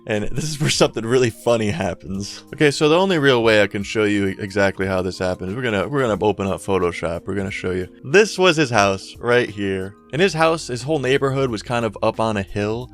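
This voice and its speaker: A man's voice: on the low side, animated, brisk, hardly any pauses, soft background music. A young man telling a story in a casual, rambling way, full of slang and swearing. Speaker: YouTuber storyteller.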